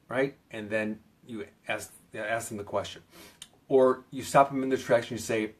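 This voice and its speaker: A man's voice: mid-range voice, steady tone, normal speed. Male self-help coach, casual advice video, loose and rambling delivery, fillers and restarts, emphatic on key words.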